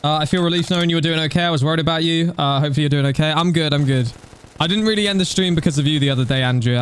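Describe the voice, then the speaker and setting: A young man streaming a game, chatting casually and thanking donors, getting excited at times. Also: a little high, slight background noise. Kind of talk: casual live-stream chat.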